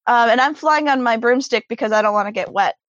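High-voiced woman rambling through a recap. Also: quick pace, fairly bright tone, dry recording, lo-fi sound. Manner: breathless, run-on storytelling with many fillers. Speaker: player recapping the last session. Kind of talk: rambling excited game recap.

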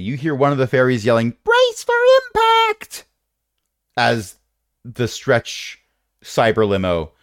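A man's voice: fairly low pitch, no echo, studio quality. A man narrating as game master in a tabletop game, wry and rambling with playful jokes.

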